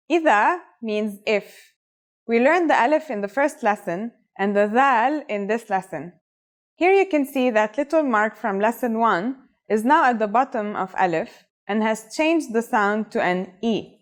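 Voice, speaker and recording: This is a woman teaching a scripted lesson, speaking. Her voice sits a little higher than most, and her delivery is upbeat and encouraging as she talks the viewer through each step. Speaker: language teacher.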